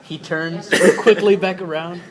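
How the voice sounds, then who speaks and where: A man's voice: sits high, fairly even intonation, a little slow, a crowd in the background. A man narrating as game master in a tabletop game, rambling and often breaking into laughter. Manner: giggly, rambling, stumbles over words.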